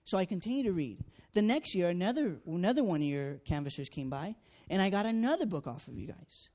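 A man's voice: high voice, animated, fast talker, a little mellow. A man sharing a personal testimony of his time as a door-to-door canvasser, talking earnestly with many fillers and acting out the dialogue. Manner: earnest storytelling, acts out dialogue, frequent fillers.

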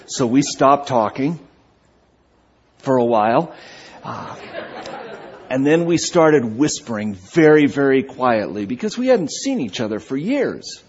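A man preaching a sermon, telling a humorous story with animated delivery, on a dull lo-fi recording. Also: mid-range voice, unhurried, pauses often.

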